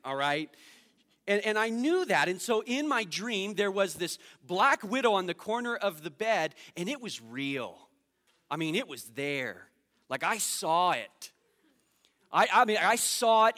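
A man's voice: high-pitched, big-room sound. A man preaching a sermon, telling a personal story and acting out the voices in it, laughing at himself as he goes. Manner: animated, acts out quotes in his story, laughs at himself. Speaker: pastor.

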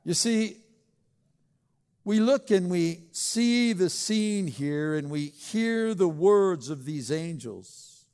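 High-voiced male pastor in echoing hall. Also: animated, slow, a little mellow, smooth. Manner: conversational, joking, asks the congregation questions. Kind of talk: sermon.

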